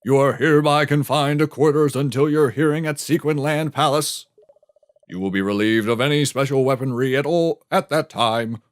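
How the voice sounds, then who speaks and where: A man's voice: medium pitch, normal speed, no echo, pitched above the performer's own voice, natural voice. A man voicing a stiff royal guard who proclaims orders in a formal manner. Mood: officious. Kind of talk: voicing game dialogue in a let's play.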